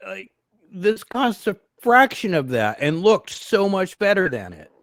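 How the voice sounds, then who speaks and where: A man co-hosting a podcast, talking excitedly and profanely about a horror film with a friend. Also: high-pitched, a little slow, dry recording, studio quality. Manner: excitable, swears, bursts into shouts. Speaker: podcast co-host. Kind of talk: casual movie review chat.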